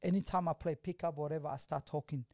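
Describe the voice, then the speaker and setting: High-voiced man from Australia, dry sound. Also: quick pace, no echo. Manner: animated, laughs while telling stories. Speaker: basketball player guest. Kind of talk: casual interview storytelling.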